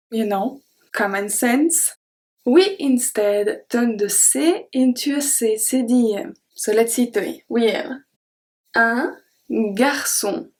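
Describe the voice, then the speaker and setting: A young woman with a French accent leads a pronunciation lesson in an unhurried, patient way. Her voice sits slightly high, and she says each example word several times, clearly and deliberately. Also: a little mellow, poor audio. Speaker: French teacher.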